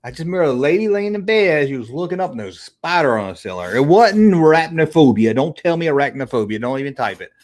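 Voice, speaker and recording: A man's voice: a little high, fast, hardly any pauses. A middle-aged man hosting a casual livestream, chatting with viewers in a rambling, profane way. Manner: animated and profane, rambling between tangents. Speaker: livestream host.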